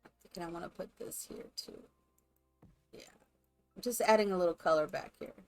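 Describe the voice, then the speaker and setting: A woman's voice: lowish voice, normal speed, darkish tone, faint music behind. A woman live streamer chatting casually and rambling to her viewers while she builds in a game. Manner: chatty, rambling, talks to chat.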